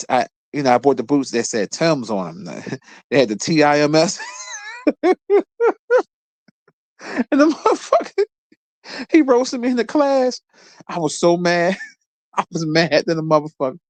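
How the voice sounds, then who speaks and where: A Philadelphia man in his thirties tells a story loosely and casually, swearing freely, and his pitch jumps up as he gets into it. His voice sits at a middle pitch for a man. The sound is dry and close, with no room around it. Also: no room sound. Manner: profane, laughing storyteller, lively bursts of pitch. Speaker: podcast host.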